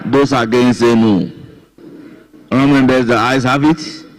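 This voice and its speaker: A man presiding as speaker of parliament, calling votes in a measured, formal way. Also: mid-range voice, fairly even intonation, a little hiss or hum, low-quality recording. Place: parliament chamber.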